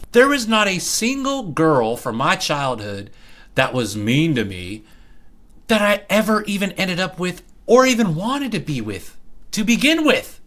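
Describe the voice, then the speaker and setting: Animated man ranting a story. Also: a little high. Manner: animated, emphatic, swings up and down. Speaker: vlogger. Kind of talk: casual storytime rant.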